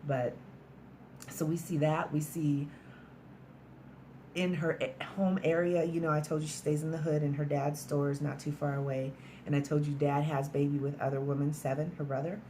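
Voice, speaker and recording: A woman's voice: low voice, darkish tone, a little hiss or hum. A woman casually recapping a film's plot in a chatty, storytelling way, sprinkled with "like" and mild swearing. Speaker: movie reviewer.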